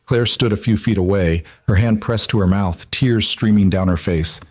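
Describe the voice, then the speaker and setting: A man giving scripted narration of a story in an even, measured way. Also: lowish voice, dry recording, clean studio sound.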